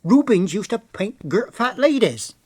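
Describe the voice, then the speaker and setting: A man voicing a brash, mocking woman with a West Country accent, loud, cheeky and sarcastic. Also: high-pitched, sing-song, measured pace, husky, no room sound, voice pushed up, full character voice. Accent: West Country English.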